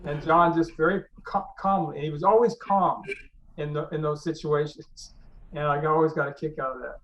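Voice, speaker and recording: A man's voice: a little high, fairly even intonation, moderate pace, distant mic. A man telling stories as a webinar guest over a video call, laughing as he goes and often restarting his sentences. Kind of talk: casual storytelling. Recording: dull lo-fi audio.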